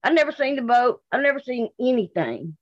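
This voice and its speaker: A woman with a Mississippi accent speaks bluntly and indignantly, her voice a little high for a woman. She repeats herself as she tells what happened in an interview. The recording is dry and a bit dull, with no room sound. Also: sing-song, a little fast, no room sound. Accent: Southern US, Mississippi. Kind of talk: emotional interview testimony.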